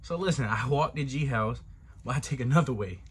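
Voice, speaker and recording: A man's voice: mid-range voice, animated, brisk. A young man with a middle-range voice tells a wild personal story. He talks loosely and profanely, full of slang, and jumps into the voices of the people in it. A faint hiss sits under him. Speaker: storytime vlogger. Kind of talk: casual storytime monologue.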